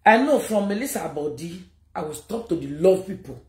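A woman's voice: fairly low pitch, lively intonation, moderate pace, a little mellow, roomy sound. A Nigerian woman giving an emotional live video message, scolding and repeating her warnings. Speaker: social media personality.

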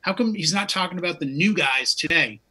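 A man's voice: sits high, lively intonation, fairly quick, pushed and bright, husky. A man in his fifties, a DJ hosting a casual music chat, who talks with enthusiasm and wanders off into long stories. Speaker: DJ and show host.

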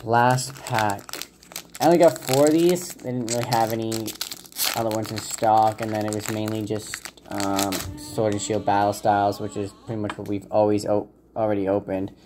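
A man hosting a casual card-pack opening video, talking in a relaxed, hesitant way with frequent fillers and unsure pronunciations. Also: on the low side, moderate pace, noisy background. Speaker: channel host opening trading card packs. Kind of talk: casual unboxing commentary.

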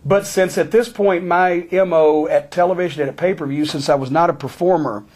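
High-voiced man telling a profane story. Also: a little fast. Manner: profane, animated, sarcastic. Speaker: storyteller guest.

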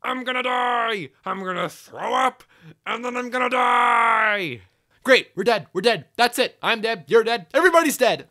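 Woman doing a high, frantic, over-the-top toy engine for a fan animation. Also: takes it slowly. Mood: panicked. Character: panicking melodramatic toy train engine.

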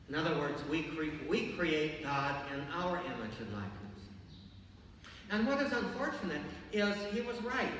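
Older priest preaching in an echoing church. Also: male voice, fairly high pitch, a little hiss or hum. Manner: conversational, storytelling, gently humorous. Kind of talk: sermon. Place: large church. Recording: echoey church from far off.

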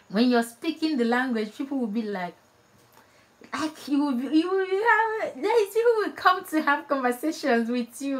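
A woman from Nigeria with a Nigerian accent, whose first language is Igbo, chatting casually and warmly with live viewers, laughing often and restarting her phrases. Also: sits high. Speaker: vlogger.

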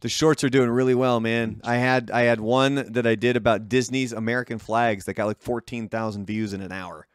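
A man's voice: mid-range voice, steady tone, fairly quick, hardly any pauses, dry recording, clean studio sound. A man, a podcast co-host, talking in a laid-back, profane way in casual chat.

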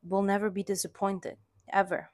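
A young woman from Latin America, vlogging an excited unboxing and gushing with delight. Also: mid-range voice, normal speed, dry recording. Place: in the Philippines.

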